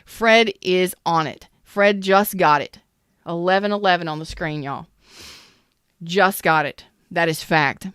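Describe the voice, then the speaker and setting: A woman with a lowish, smooth voice gives a casual live tarot reading. She talks bluntly and with emphasis, swearing freely, and the sound is close and dry. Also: a little slow, fairly bright tone, no echo. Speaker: tarot reader.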